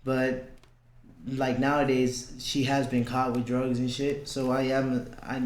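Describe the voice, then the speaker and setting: A man's voice: medium pitch, level tone, slow. A young man telling a personal story as a podcast guest, blunt and swearing, acting out the lines he quotes. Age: young adult. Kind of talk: casual storytelling. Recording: roomy echo.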